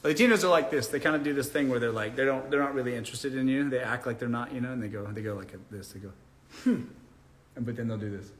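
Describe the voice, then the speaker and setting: A man's voice: mid-range voice, racing, few pauses. A young man hosting a casual live Q&A from a room indoors. He reads viewer comments aloud, answers bluntly, jokes and often laughs. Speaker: live Q&A host. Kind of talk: casual live-stream chat. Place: indoor room lit by a ring light.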